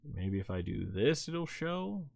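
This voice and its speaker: A man's voice: on the high side, sing-song, slow, gravelly, a little mellow. A man hosting a casual live stream, rambling and flustered. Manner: rambling and flustered, many fillers and restarts. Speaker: live stream host reviewing wrestling.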